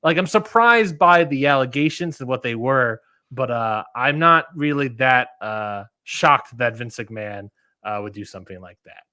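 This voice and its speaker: A man's voice: medium pitch, moderate pace, sharp tone, dry recording, studio quality. A man co-hosting a wrestling podcast in casual chat, rambling with lots of fillers and restarts. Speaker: podcast co-host.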